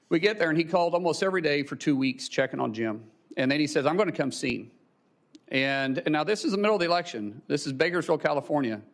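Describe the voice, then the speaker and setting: Nominee, middle-aged man, emotional testimony, stumbling and restarting, voice near tears. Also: mid-range voice. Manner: halting, many restarts, chokes up. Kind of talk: emotional personal story.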